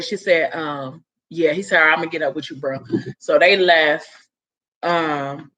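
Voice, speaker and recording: A woman's voice: on the low side, moderate pace, a bit bright. A woman casually retelling a story in a chatty way, full of "like" and "you know", acting out the characters' lines. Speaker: story recapper.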